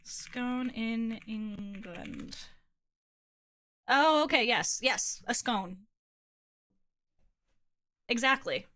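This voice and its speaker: Woman streamer from Ohio, casual gaming chat, giggly and foul-mouthed, a touch high-voiced. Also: big pitch swings, drawn-out words, pauses often, sharp tone. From Ohio, USA. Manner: giggly, chatty, swears casually.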